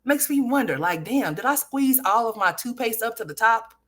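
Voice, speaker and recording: A woman hosting a gossip livestream, her bright, sharp voice leaping up and down as she trash-talks. She swears freely, laughs often and addresses her viewers directly, in a highish register. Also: animated, moderate pace. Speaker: livestream host.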